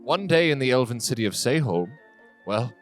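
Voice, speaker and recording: A man voicing a calm, formal male mind flayer scholar who speaks in a measured, slow way. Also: medium pitch, soft background music, close to an everyday voice. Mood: reminiscing.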